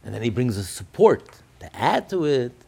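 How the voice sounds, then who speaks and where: A man's voice: mid-range voice, very animated, normal speed, gravelly, warm tone, slightly rough. A man explaining a religious text in a class, emphatic, often repeating and restarting his phrases. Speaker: religious teacher.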